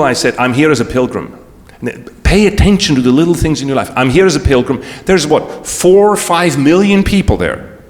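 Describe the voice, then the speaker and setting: A man giving a talk as guest speaker, telling a personal story with emotion and frequent restarts. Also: mid-range voice. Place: large event hall. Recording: long hall reverb.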